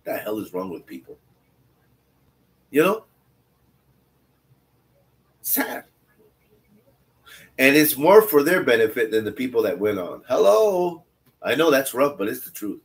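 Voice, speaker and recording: A man leads a Bible study, reading scripture aloud and breaking into blunt, conversational asides that repeat phrases for emphasis. His lowish voice is sing-song and unhurried, with long pauses.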